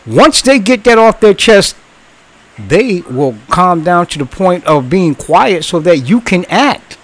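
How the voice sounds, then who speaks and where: A man's voice: high-pitched, sing-song, slow pace, poor audio. Blunt, swearing man in his sixties. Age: 60s. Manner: blunt, lecturing, swears, repeats himself. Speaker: former customer service worker. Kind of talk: casual ranting monologue.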